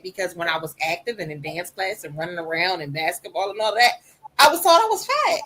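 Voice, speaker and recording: A woman with a soft voice, a podcast guest talking candidly and personally in casual conversation. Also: medium pitch, big pitch swings, brisk, low-quality recording.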